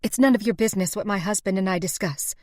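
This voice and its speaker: A woman voicing a defiant young frontier wife who speaks heatedly and forcefully. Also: medium pitch, fast talker, no echo, clean studio sound, voice pushed up, natural voice.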